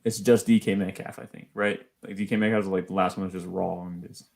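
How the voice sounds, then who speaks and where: A man's voice: deep voice, fairly even intonation, fast, vocal fry, darkish tone. A man co-hosting a casual sports podcast, enthusiastic and analytical, with many fillers. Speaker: podcast co-host.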